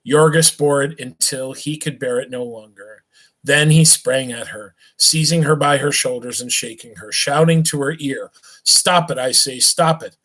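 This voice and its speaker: A man reads a novel aloud on a live stream in an unhurried way. His voice sits at a middle pitch. He trips over words and restarts, and sometimes stops to make a quick aside to his listeners. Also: fairly bright tone, low-quality recording. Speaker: reader.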